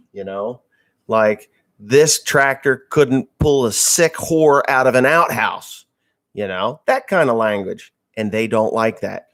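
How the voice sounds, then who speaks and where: A man's voice: fairly low pitch, vocal fry. A man from Massachusetts, a farmer hosting a live stream, chatting casually and bluntly with crude jokes as he answers viewer messages.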